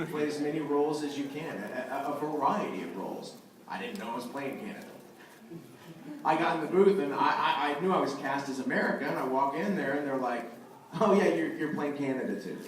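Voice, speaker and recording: A man in his thirties, a voice actor at a convention panel, telling a story in an animated way and acting out the quotes. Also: medium pitch, brisk, a crowd in the background. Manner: animated anecdotal, acts out quotes. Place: large convention hall. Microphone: phone camera from the audience. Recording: echoey hall from far off, phone audio.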